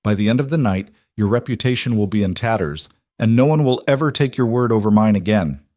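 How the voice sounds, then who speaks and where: A man's voice: on the low side, a little fast, darkish tone, dry recording, clean studio sound, close to an everyday voice. A man voicing a cold, controlling aristocratic matriarch with an icy, commanding manner.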